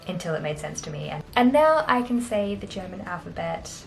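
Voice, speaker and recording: A woman's voice: lowish voice, sing-song, a little fast, creaky, darkish tone, soft background music. A young Australian woman vlogging in a casual, chatty, self-deprecating way, laughing often. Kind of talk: casual chat to camera.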